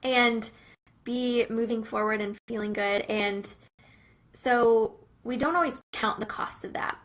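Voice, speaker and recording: A woman's voice: fairly high pitch, fairly even intonation, measured pace, a bit bright, low-quality recording. A young woman giving an earnest, casual talk about faith and business, with many fillers and a conversational manner. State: briefly teary-eyed. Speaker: Christian business coach.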